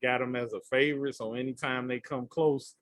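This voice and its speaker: A man co-hosting a podcast in casual chat, telling stories in an animated way and acting out his own reactions. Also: medium pitch, brisk, no echo. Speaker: podcast co-host.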